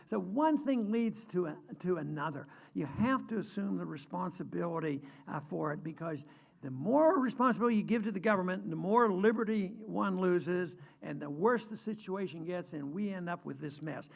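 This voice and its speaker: Older American man, gravelly, earnest speaker who stops and restarts. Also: sits high, expressive, fairly bright tone. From United States. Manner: earnest, emphatic, halting with restarts. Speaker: guest speaker. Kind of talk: political speech.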